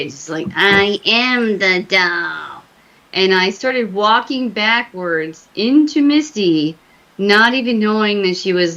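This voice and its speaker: A woman's voice: mid-range voice, a bit bright, muffled recording. A woman, a medium, telling a ghost story in a casual, rambling way with many fillers. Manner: rambling, full of fillers and restarts. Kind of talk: casual storytelling on a talk show.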